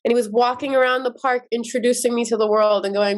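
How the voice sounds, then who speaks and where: A fairly high-pitched woman from Iran speaks as a guest on a podcast. She tells her childhood stories slowly and vividly, lingering over each memory. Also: steady tone. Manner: slow, vivid storytelling. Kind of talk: storytelling interview.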